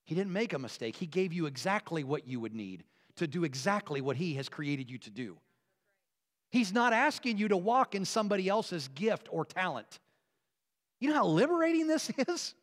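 A man preaching a sermon as a pastor, earnest, moving between emphatic, rising passages and quiet, hushed ones. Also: high voice, very animated, moderate pace. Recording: long reverb of a large hall.

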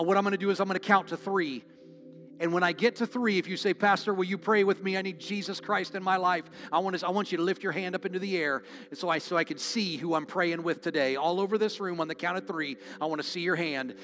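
Male pastor, altar call, pitched a little high, pleading and repetitive, faint music underneath. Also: a bit bright. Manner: earnest, pleading, repetitive appeals. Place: church sanctuary.

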